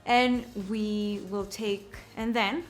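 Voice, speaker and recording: Slow-talking young woman giving a how-to. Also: medium pitch, fairly even intonation, soft background music. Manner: slow, repeats words and checks in with "okay?". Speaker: shapewear presenter. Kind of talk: casual how-to demonstration.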